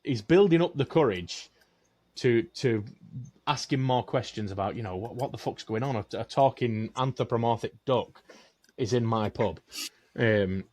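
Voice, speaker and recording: Man, co-host, rambling sweary joke-teller, mid-pitched. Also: moderate pace, a little mellow. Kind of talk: casual chat, telling a long joke.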